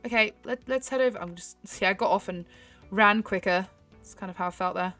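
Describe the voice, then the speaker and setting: A young woman chatting excitedly to her viewers while she plays a horse game, giggling often. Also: medium pitch, brisk, faint music behind. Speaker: gaming YouTuber. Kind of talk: casual gameplay commentary.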